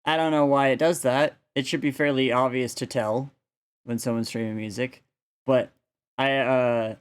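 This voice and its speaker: A man's voice: medium pitch, steady tone, moderate pace, smooth. Rambling man chatting on a live stream. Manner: rambling, laughs often, many filler likes. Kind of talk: casual live-stream chat. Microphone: standalone desk mic.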